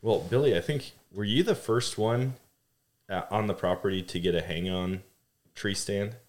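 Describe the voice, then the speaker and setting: A man's voice: on the low side, moderate pace, a little mellow. A young adult man hosting a podcast, chatting upbeat and telling stories to his relatives. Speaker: podcast host. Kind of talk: casual conversational interview.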